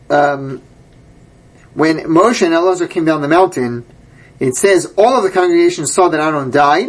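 A man teaching a Torah class, reading verses aloud and then translating and explaining them. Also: fairly high pitch. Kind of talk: Bible class lecture.

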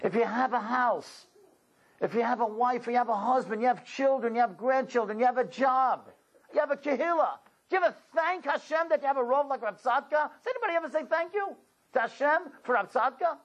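A man delivers a religious talk to a congregation, telling stories with animated exclamations. His voice sits high for a man. He keeps asking his listeners rhetorical questions. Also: fairly quick, highs cut off. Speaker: religious speaker.

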